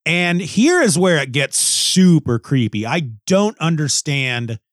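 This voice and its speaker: A man's voice: on the high side, big pitch swings, slow, no echo, clean studio sound. A man reviewing a comic book in a casual, rambling way, often restarting and musing aloud.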